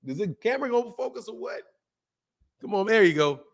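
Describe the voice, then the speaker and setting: A man hosting a boxing channel, talking casually to his camera in animated, slangy commentary with frequent laughter. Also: high-pitched, fairly quick. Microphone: camera mic.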